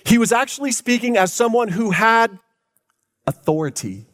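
A man's voice: expressive, a bit bright. A man preaching a sermon as pastor, emphatic, stretching key words out for effect. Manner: emphatic, drawn-out preaching with big pitch swings.

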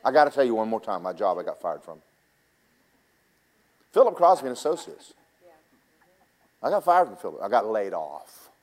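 A man's voice: on the low side, big pitch swings, moderate pace, long pauses. A man preaching a sermon, telling personal stories in a folksy, teasing way and talking straight to the congregation.

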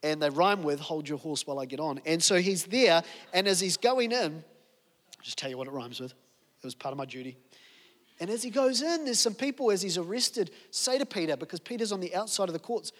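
A New man preaches in a high, light voice, telling the story vividly and peppering it with rhetorical questions. His words ring out with the long reverb of a large hall, as in a church auditorium. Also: animated, moderate pace, fairly bright tone. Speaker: pastor. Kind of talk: sermon.

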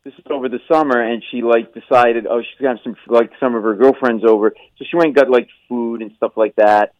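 A middle-aged man hosting morning radio, telling a family story in an animated way and acting out the voices of the people he quotes. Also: medium pitch, quick pace, no echo, lo-fi sound. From Rhode Island. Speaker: radio show host.

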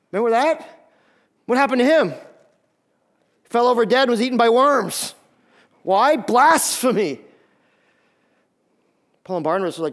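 A male pastor delivers a sermon in an animated, high-pitched voice. He often doubles up his words as he pushes a point home. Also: normal speed, pauses often. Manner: animated, repeats words when building emphasis.

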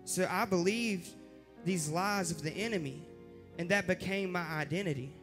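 Young guy preaching his testimony, pretty high voice, gets loud and fired up, soft instrumental music behind. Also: normal speed. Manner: earnest, building to impassioned shouting. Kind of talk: testimony sermon. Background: faint instrumental music.

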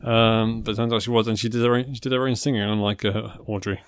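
Brief: male podcast co-host, wry and halting, dead-dry close recording. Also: lowish voice, level tone, clear, resonant tone, dry recording. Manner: hesitant, dry humour, many restarts. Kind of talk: casual film podcast chat.

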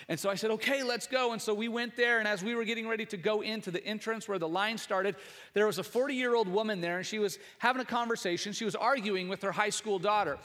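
A man's voice: sits high, a bit bright, long reverb tail. A man in his thirties, a pastor, preaching an Easter sermon, telling a family story in a conversational way that builds to emphatic preaching.

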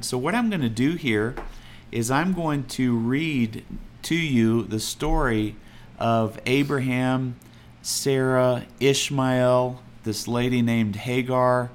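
A man's voice: medium pitch, a little hiss or hum. A man with a Texas accent preaching a sermon in an earnest, conversational way, with fillers and restarts. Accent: Texan. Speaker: pastor.

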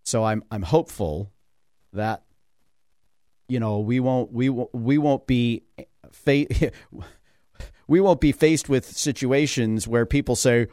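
Animated male radio host, dry mic. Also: mid-range voice, slow, long pauses, clean tone, no room sound. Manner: animated, acts out dialogues with mock voices, laughs often. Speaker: radio talk show host. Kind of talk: casual radio talk.

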